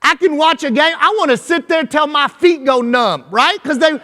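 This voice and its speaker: A man's voice: extremely high pitch, moderate pace, pushed and bright. A man with a Kentucky accent giving a folksy, joking conference keynote as a school superintendent, often asking "right?". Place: large conference hall. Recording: long hall reverb with faint music.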